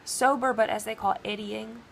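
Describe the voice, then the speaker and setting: A woman talking in a rambling personal monologue, halting with many restarts and fillers. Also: a little high, fairly even intonation, vocal fry, slight background noise.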